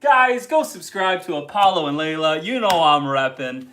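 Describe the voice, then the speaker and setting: A man's voice: fairly high pitch, expressive, normal speed, fairly bright tone, slight background noise. A man from northern Canada hosting a casual homestead live stream and reading viewer comments aloud in an easygoing way. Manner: easygoing, reads out chat messages.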